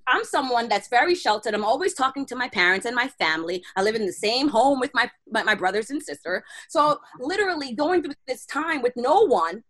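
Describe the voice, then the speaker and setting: A woman guest telling a personal story in animated, slangy conversation, acting out her own inner dialogue. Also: fairly high pitch, fairly quick, few pauses. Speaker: podcast guest.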